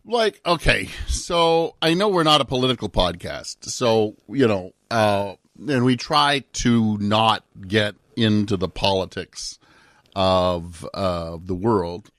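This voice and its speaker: A man's voice: lowish voice, lively intonation, slow pace, a bit bright, dry recording, studio quality. A man co-hosting a casual chat show, joking and loose with frequent "uh" restarts. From Canada. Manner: jokey, loose, many "uh" restarts. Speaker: podcast co-host.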